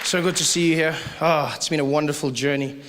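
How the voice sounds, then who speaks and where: A man with a South African accent performing a stand-up set, animated and full of exaggerated asides. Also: on the high side, fast talker. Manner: animated, jumps into mock voices and exaggerated asides. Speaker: stand-up comedian. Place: theater stage before a live audience. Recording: live hall with crowd and hiss.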